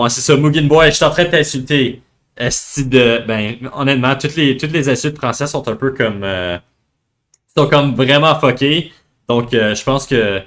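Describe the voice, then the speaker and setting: A man's voice: medium pitch, a bit bright. A young man from French Canada with a Québécois accent, chatting loosely on a livestream, swearing freely and laughing as he switches between English and French. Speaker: streamer. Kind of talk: casual livestream chat.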